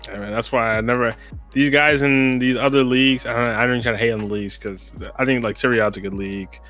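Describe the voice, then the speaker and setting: A man's voice: medium pitch, fairly even intonation, fast talker, sharp tone, faint music behind. A man with an American accent co-hosting a casual sports podcast. He rambles in a laid-back way and keeps saying "bro.". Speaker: podcast co-host.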